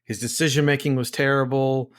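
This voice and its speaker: A man's voice: mid-range voice, level tone, fairly quick, clear, resonant tone. A man co-hosting a sports podcast in casual chat, ranting in frustration with many restarts. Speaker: podcast co-host.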